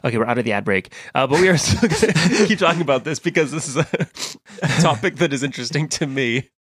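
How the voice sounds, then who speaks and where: A chatty man with a Western American accent co-hosts a podcast, wandering from topic to topic and laughing often. His voice is dry and close, with an easy, mid-pitched tone. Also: lively intonation, fairly quick, a bit bright, breathy edge, no room sound. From California-born, raised in the Midwest. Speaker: podcast co-host. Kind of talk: casual chat.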